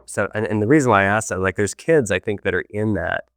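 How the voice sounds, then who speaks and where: Male podcast host, low voice, curious, sums up answers, dry close mic. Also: lively intonation, fast talker, fairly bright tone, dry recording. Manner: curious, summarizing the guest's points back to him. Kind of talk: casual interview.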